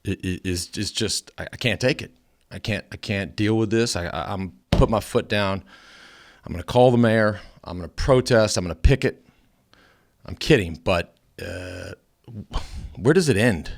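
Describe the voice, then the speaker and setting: A male podcast host in his forties, chatting casually and telling stories with lots of stammered restarts and self-mocking jokes. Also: on the low side. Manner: animated, self-mocking storyteller with many restarts. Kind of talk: casual chat.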